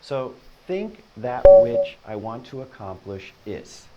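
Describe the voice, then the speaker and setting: A man teaching a Spanish lesson, patiently explaining and repeating each example sentence slowly and encouragingly. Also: medium pitch, wildly swooping pitch, loud music behind the voice, poor audio.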